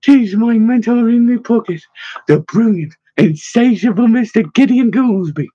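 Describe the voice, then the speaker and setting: A man's voice: very high voice, animated, unhurried, warm tone, breathy edge, dry recording, lo-fi sound, voice pushed up, exaggerated voice. A man voicing a curious, direct young woman scholar in a storybook, in a raised, eager voice.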